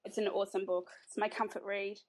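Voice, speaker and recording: A woman's voice: medium pitch, flat delivery, fast. An Australian woman, a guest author, chatting casually in an interview, laughing often and restarting her sentences.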